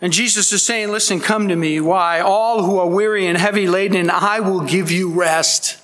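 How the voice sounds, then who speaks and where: A man's voice: high-pitched, steady tone, normal speed, fairly bright tone. A man preaching a sermon as pastor, earnest and emphatic, pleading with his listeners. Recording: long hall reverb.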